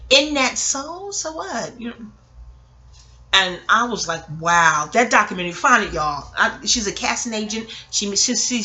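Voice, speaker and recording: A woman from Queens, delivering a rambling, digressive and emotional monologue about a film. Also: medium pitch. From New York, Queens. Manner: digressive, emotional, expressive, swears casually. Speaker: vlogger reviewing a film. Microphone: audio-only recording.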